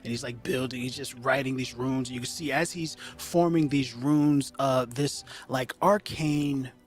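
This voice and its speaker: A man's voice: medium pitch, fairly even intonation, unhurried, soft background music. Man game master narrating loosely. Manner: loose, filler-heavy storytelling.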